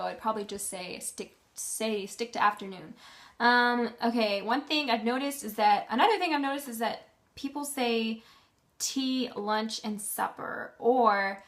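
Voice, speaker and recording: A woman's voice: a little high, moderate pace, a bit bright. A young woman vlogging in a casual, rambling way, full of ums and self-corrections. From Canada. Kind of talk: casual chat.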